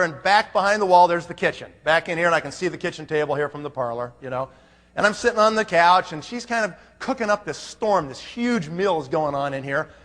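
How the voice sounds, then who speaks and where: A man at a conference telling a funny story with lots of life, doing little voices for everyone in it. His voice is high and bright, and a long reverb from a large hall trails behind it. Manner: animated, acts out every character. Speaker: conference speaker. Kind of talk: comic storytelling.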